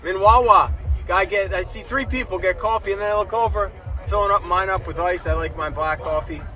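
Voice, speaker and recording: A man's voice: high-pitched, fairly quick, bright, forceful tone, soft background music, rough recording. A man in his car, ranting in a preachy, emphatic way. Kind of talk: ranting motivational clip.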